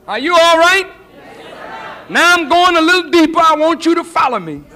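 A man preaching a sermon lecture as minister, shouting for emphasis and acting out the voices of others. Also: very high voice, expressive, normal speed, a faint crowd. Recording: 1980s lecture hall recording.

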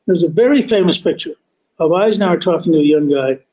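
A man hosting a podcast, telling a history story as a deliberate, emphatic monologue that stretches key words. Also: on the high side, lively intonation, warm tone, dull audio. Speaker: podcast host.

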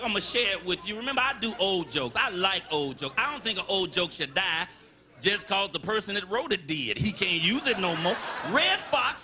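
A man doing a live stand-up set, loud and animated, repeating his punchlines and phrases for effect. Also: high voice, noisy background. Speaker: stand-up comedian. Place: comedy stage with live audience.

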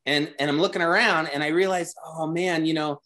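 A man's voice: fairly high pitch, fairly even intonation, fast talker, bright, forceful tone. A man talking as a guest designer in a casual interview, rambling with many restarts and growing enthusiastic.

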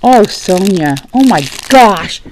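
A woman with an expressive, mid-range voice unboxes craft gift packages at her dining table for a casual home vlog, speaking slowly. She gasps and gushes, often dropping to a hushed whisper, and the low-quality recording carries slight background noise.

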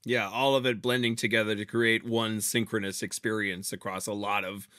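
A man's voice: fairly low pitch, level tone, moderate pace, sharp tone, no room sound, studio quality. A man co-hosting a podcast, speaking in a friendly, casual way and often repeating words as he starts a sentence. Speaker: podcast co-host. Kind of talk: casual chat and patron appeal.

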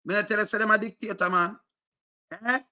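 A middle-aged Jamaican man ranting in heated commentary, animated and repetitive, switching between Patois and English. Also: sits high, brisk.

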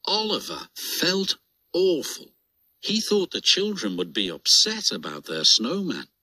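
A British man reads a children's storybook aloud, his pitch leaping up and down with lots of expression. He reads slowly and unhurriedly, with a bright, sharp tone. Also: dry recording. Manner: lively, expressive reading voice. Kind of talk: storybook narration.

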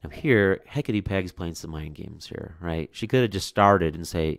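Low-voiced man chatting about a book. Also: normal speed, few pauses, dry recording, studio quality. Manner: casual, chatty asides. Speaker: book reviewer and reader. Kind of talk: read-aloud with chatty commentary.

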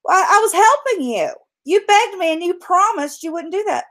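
A woman voices a trusting male frog from a fable, protesting and sounding hurt. Her voice is pushed up to an extremely high pitch, fairly bright, with lively intonation at a moderate pace.

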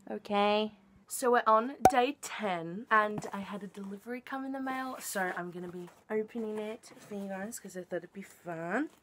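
A young woman talks through her reading plans in a casual vlog at a middle pitch. She is chatty and easily excited. She drops to hushed asides, then bursts into loud squeals. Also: moderate pace, noisy background. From Australia. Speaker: book vlogger.

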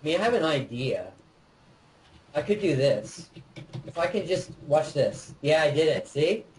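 Animated man shouting game directions. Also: a little high, measured pace, a little hiss or hum, low-quality recording. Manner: excitable, lively, directing his partner. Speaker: let's play co-host. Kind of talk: casual gameplay chat.

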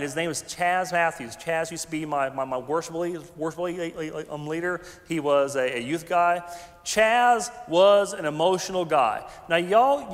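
A man, a pastor preaching a conversational, animated sermon with folksy asides. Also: high voice. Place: large church sanctuary. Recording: long hall reverb.

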